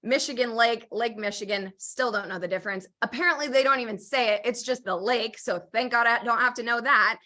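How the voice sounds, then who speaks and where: Speaking fairly quickly with few pauses, this Oregon woman has a sharp, somewhat high voice as she hosts a laid-back podcast. She pokes fun at herself constantly, and "like" and "um" pepper nearly every sentence.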